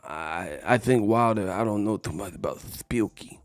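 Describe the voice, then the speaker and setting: Mumbling, halting older boxing great, as a vlogger puts him on, pitched low and quiet. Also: male voice, dry recording, clean studio sound, soft background music, close to an everyday voice. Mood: unsure. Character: mumbling, soft-spoken older male boxing legend.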